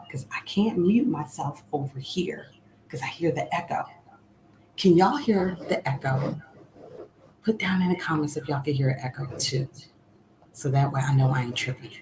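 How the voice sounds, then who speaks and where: A woman hosting a cooking livestream from her kitchen, chatting casually to viewers and often dropping into a near whisper. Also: very deep voice. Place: home kitchen. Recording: echoey room with background noise.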